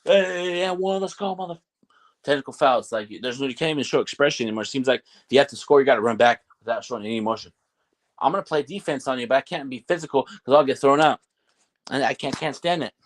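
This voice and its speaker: A young man ranting about basketball in a casual way, animated and fired up, acting out the players and referees as he goes. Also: mid-range voice, fast talker. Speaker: basketball commentator. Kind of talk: casual sports rant.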